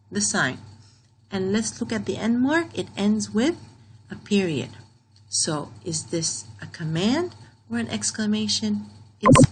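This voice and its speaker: A woman teaching a grammar lesson to young pupils, speaking slowly and patiently and repeating key phrases. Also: mid-range voice, a little hiss or hum, low-quality recording. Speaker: primary school teacher.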